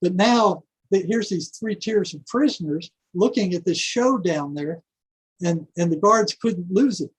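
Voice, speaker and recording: A husky older man with a slightly high voice, spinning stories as a podcast guest. He talks casually and with energy, doubling up words as he goes and breaking into small chuckles. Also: a little slow, poor audio. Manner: animated storyteller who repeats words and chuckles. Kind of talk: casual storytelling.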